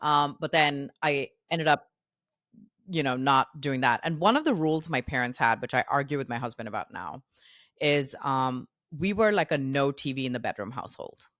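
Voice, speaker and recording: A woman's voice: very deep voice, normal speed, no room sound, studio quality. A woman in her thirties, a podcast guest, telling stories from her past and acting out quotes from herself and others. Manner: animated, quotes herself and others in lively voices. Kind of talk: casual storytelling interview.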